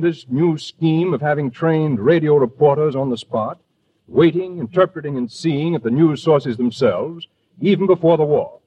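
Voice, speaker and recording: A man reading the news and introducing a broadcast in a measured, formal announcer manner, in the style of 1940s radio. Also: fairly high pitch, slightly rough. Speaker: radio newscaster. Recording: tinny old radio broadcast.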